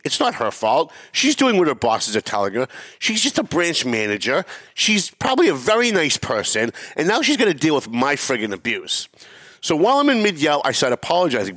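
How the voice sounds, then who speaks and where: A man's voice: fairly high pitch, very animated, brisk, fairly bright tone, no echo, studio quality. A middle-aged man hosting a talk show, telling a heated story with emphatic swearing and mimicked voices. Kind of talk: animated storytelling rant.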